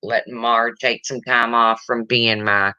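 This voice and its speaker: A woman's voice: a bass voice, flat delivery, moderate pace, bright, forceful tone, clean tone, no echo, highs cut off. A woman hosting a casual livestream chat, emotional and reading viewer comments aloud. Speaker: livestream host.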